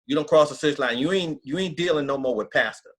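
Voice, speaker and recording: Husky middle-aged man, pastor, emphatic, earnest, country-style storytelling, interview. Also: a little high, quick pace, fairly bright tone. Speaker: pastor, guest.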